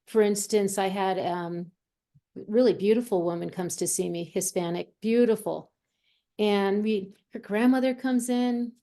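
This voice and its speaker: A woman who works as a medium and healer, a guest in an interview, telling stories in a lively way and acting out the voices she quotes. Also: a little high. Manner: animated storyteller who acts out quoted voices. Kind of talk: conversational storytelling.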